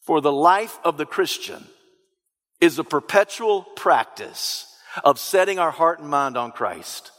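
A male pastor preaches an emphatic, repetitive sermon in a fairly high, slightly bright voice with lively intonation and a measured pace. At times he lifts into a sung preaching cadence, and his words ring through a large church sanctuary with a long reverb tail.

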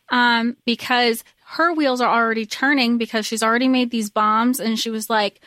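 A woman's voice: a little high, steady tone, moderate pace, hardly any pauses, fairly bright tone, no room sound, studio quality. A woman co-hosting a podcast, recapping a story in casual chat, earnest and rambling with lots of fillers. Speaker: podcast co-host.

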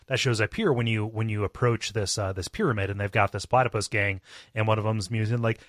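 A man's voice: lowish voice, brisk, dry recording. Podcast guy, dry close sound, laid-back and jokey, laughs a lot. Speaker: podcast co-host. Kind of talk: casual chat.

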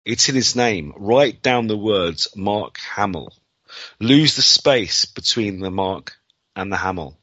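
A male podcast host with a bright, tense voice who speaks slowly and deliberately. His delivery is dry and close to the mic, with somewhat dull sound. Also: lowish voice, expressive, no echo. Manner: emotional, playful. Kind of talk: casual podcast chat.

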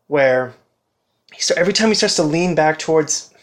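A man who co-hosts a podcast, casually retelling a game playthrough in an animated, conversational way. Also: a little high, moderate pace. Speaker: podcast co-host.

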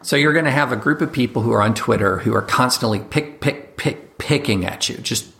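A man speaking as a guest commentator in a casual interview, talking quickly and animatedly, slipping into mock voices for examples. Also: mid-range voice, gravelly, a bit bright.

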